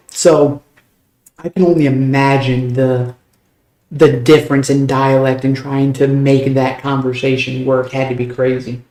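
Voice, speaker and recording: Young man, rapid casual streamer chat, mid pitch, roomy echo. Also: darkish tone. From United States. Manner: talks very fast, loose and profane. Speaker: game streamer.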